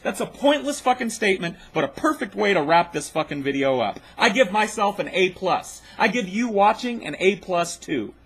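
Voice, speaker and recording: A man's voice: high-pitched, sing-song, moderate pace, hardly any pauses, fairly bright tone, breathy edge. A man hosting his own video, rebutting a clip with a blunt, mocking, profane rant. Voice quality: blunt, mocking, swears freely.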